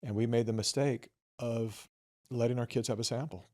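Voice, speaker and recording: A middle-aged man, a filmmaker guest, telling animated family anecdotes and acting out the dialogue. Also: medium pitch, normal speed. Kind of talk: storytelling in conversation.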